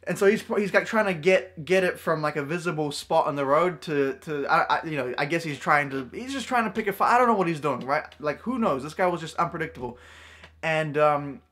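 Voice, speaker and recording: A man's voice: fairly high pitch, lively intonation, fairly quick, fairly bright tone. A young man vlogging a true story at home, rambling with lots of fillers and restarts. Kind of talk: storytime vlog.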